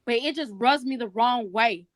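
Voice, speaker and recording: A woman's voice: on the high side, moderate pace. A woman co-hosting a podcast, speaking in an earnest, emphatic and heartfelt way in casual debate. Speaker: podcast co-host.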